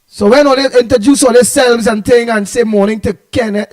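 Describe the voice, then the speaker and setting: A Trinidadian man hosts a live stream in a high, bright-pitched voice. He rambles and repeats himself, stumbling over words, and teases the viewers in loose, playful chat. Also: fairly even intonation, a little fast. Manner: playful, teasing banter. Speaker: host of an online talk show.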